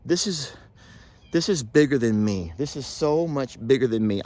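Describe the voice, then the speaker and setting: A man hosting an outdoor vlog, talking in a slow, heartfelt, folksy way. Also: mid-range voice, animated, darkish tone, no room sound. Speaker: channel host. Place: outdoors in wooded cemetery.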